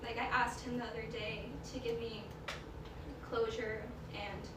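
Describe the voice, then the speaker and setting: A woman's voice: fairly high pitch, level tone, measured pace. College girl giving a testimony in an echoey room. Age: young adult. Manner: casual, rambling, says "like" constantly. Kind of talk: personal testimony to a group. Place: large echoey room with a gathered audience. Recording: echoey room, voice far from the mic, loud noise.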